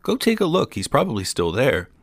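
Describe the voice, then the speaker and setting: A man's voice: medium pitch, huge pitch swings, fairly quick, slightly rough, no echo, voice pushed up, full character voice. A man doing a naive fearless farm boy. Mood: earnest. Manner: plain, earnest, guileless.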